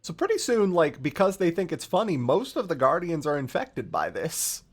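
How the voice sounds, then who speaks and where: Animated, profane storytelling streamer. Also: medium pitch, normal speed, husky. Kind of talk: casual storytelling recap.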